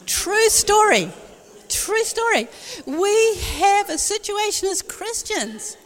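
High-voiced woman preaching in a hall. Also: very animated, slow. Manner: conversational, anecdotal, wry asides. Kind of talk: sermon with storytelling. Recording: long hall reverb.

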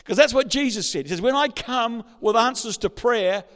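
A man preaching a sermon, telling a personal story and building up to excited shouting. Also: very high voice, normal speed, hardly any pauses, clean tone. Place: large church hall. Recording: reverberant hall.

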